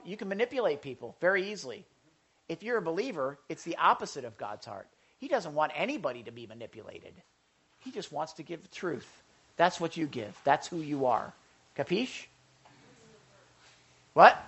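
A man's voice: high-pitched, fairly bright tone. A male pastor giving a conversational sermon, with joking asides to the congregation and frequent stammered restarts.

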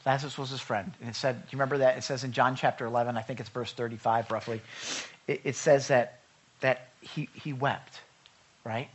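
A man preaching a sermon in a conversational way, urging his listeners loudly one moment and reading scripture in a hushed voice the next. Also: medium pitch, steady tone, brisk, husky. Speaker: pastor.

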